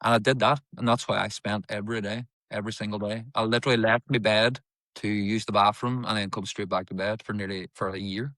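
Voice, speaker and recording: A man's voice: fairly low pitch, steady tone, brisk, fairly bright tone, no room sound. A man, an actor guest, telling candid stories in an interview, emphatic and repetitive, swearing now and then.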